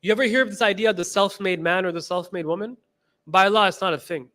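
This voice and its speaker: A man's voice: high-pitched, fast talker, sharp tone. A man giving a class lecture as a religious teacher, emphatic and repeating key phrases, retelling stories with quoted dialogue.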